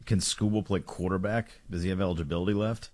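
A man co-hosts a sports radio show, chatting casually about football. His voice is deep and low. He sounds relaxed and easygoing. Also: fast. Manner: casual, laughing, laid-back.

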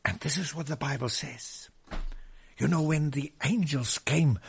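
A man preaching a sermon, swinging from loud proclamation to hushed whispers and drawing out scripture verses emphatically. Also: medium pitch, expressive, vocal fry, breathy edge. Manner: drawn-out emphatic reading of scripture.

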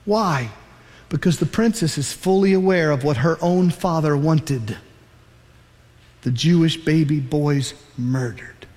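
A man pastor preaching a sermon, telling a Bible story with animated emphasis. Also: on the high side, unhurried, in a large hall.

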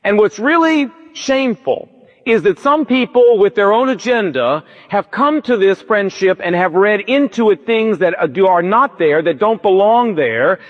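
A man's voice: high voice, animated, moderate pace. A man preaching a sermon, retelling a story with emphatic, preacherly storytelling. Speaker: pastor. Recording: dull lo-fi with long reverb, church sermon recording.

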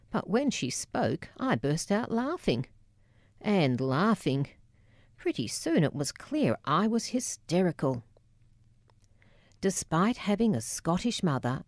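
A woman narrates her memoir in a measured, wry way. Her voice sits low and mellow. It is recorded dry and close, with no room sound. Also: dry recording.

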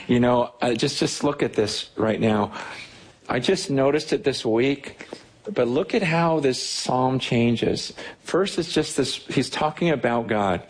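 A man preaching a sermon as pastor, animated and often repeating words as he builds up. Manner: reads scripture slowly and low.

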